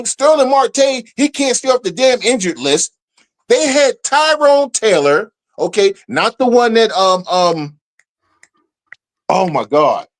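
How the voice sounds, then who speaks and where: High-voiced ranting man. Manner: ranting, exasperated, swears then apologizes. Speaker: podcast co-host. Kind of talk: heated sports debate.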